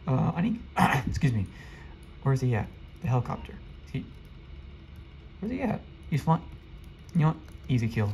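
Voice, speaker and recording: Excitable male gamer, lively mellow voice. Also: medium pitch, slight background noise. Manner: excitable, rapid-fire repeated urging; chatty, addresses viewers directly. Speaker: gaming video creator. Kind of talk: live gameplay commentary.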